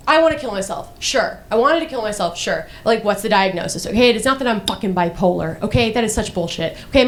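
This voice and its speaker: On stage, the young woman's voice runs on the high side with a fairly bright tone. Her stand-up set wanders and swears, riddled with "like" and restarted lines, as she turns dark humor on herself.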